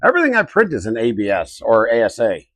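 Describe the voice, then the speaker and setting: A man's voice: medium pitch, wildly swooping pitch, fast talker, fairly bright tone, no echo. A middle-aged man from Colorado hosting a casual live stream, talking to himself and his chat while he works. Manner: muttering to himself, reading chat aloud. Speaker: livestream host.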